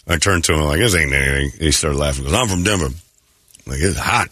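A bass-voiced radio host speaks a little fast with a sharp tone, and a little hiss or hum sits in the studio-mic recording. Clearing his throat, he rambles through casual morning-show stories and acts out what people said.

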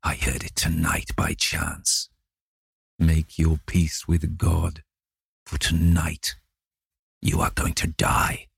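A man's voice: extremely low pitch, completely flat delivery, creaky, slightly rough, no echo, studio quality, full character voice. A man doing a growling vengeful sailor. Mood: grim. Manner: slow, growling, deliberate threats. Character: gruff vengeful sailor, grim and threatening.

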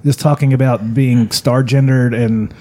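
Co-host: man, mellow dark tone, rambling casual delivery, faint room noise. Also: mid-range voice, steady tone, unhurried. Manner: rambling, offhand, with fillers. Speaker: podcast co-host. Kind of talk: casual chat.

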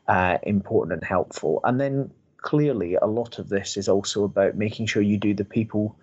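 Husky man hosting an interview. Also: on the low side, darkish tone. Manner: thoughtful, summarizing, measured. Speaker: podcast host from a recruitment industry body. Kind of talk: conversational interview.

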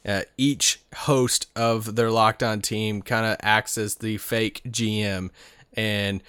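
A man's voice: lowish voice, fairly even intonation, slow pace, fairly bright tone, smooth, no echo. A man co-hosting a casual sports podcast, easygoing and explaining things at length. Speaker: podcast co-host.

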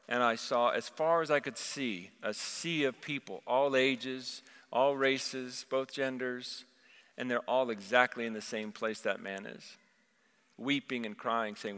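A man delivers an impassioned sermon, his voice bright and forceful. He tells stories and quotes scripture. The sound rings out with a long reverb, as in a large church hall. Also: medium pitch, steady tone, measured pace, clean tone. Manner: impassioned storytelling, quoting scripture. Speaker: preacher.

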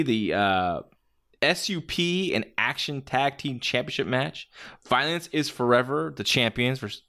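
A man's voice: medium pitch, a bit bright. A man giving a casual, blunt, opinionated spoken review, rambling with many fillers and restarts. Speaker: wrestling match reviewer.

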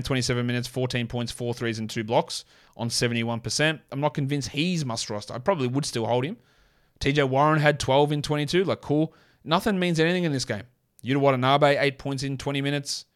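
A man hosting a casual sports show, reading off stats quickly with blunt, sarcastic commentary. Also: medium pitch, fairly bright tone, clean tone. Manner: blunt, sarcastic, rapid-fire stat reading. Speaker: podcast host.

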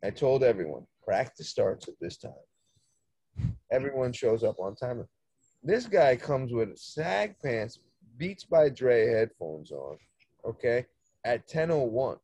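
Low husky guy, coach spinning a yarn, swears a lot, dry close sound. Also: takes it slowly, no echo. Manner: animated storyteller, swears freely, acts out dialogue. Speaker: soccer coach, podcast guest. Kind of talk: casual storytelling chat.

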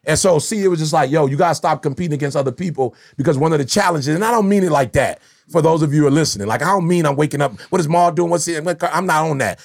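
High, gravelly-voiced storytelling man. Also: fast. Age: middle-aged. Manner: animated, slangy storytelling. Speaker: podcast host. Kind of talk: casual chat.

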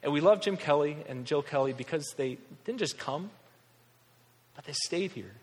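A pastor in his thirties from Western New York delivers a sermon, his voice sitting a little high for a man. He sounds earnest and conversational, with touches of wry humor. A long reverb trails his words through a large church hall. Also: expressive, moderate pace, darkish tone.

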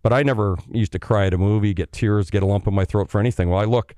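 A middle-aged man from Canada, a former pro hockey player, telling stories in a casual, animated way, swearing freely and acting out the people he quotes. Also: on the low side, fast, no echo, studio quality. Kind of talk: casual storytelling.

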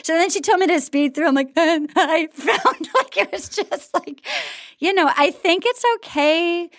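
A woman's voice: very high voice, a little slow, fairly bright tone, no echo. A woman author chatting as a guest, rambling and swearing freely, calling people "dude". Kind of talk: casual chat.

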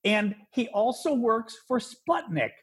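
A man's voice: slow pace, husky. A man hosting a podcast, chatting casually about politics and getting worked up when indignant. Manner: animated, rising pitch when indignant. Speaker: podcast host.

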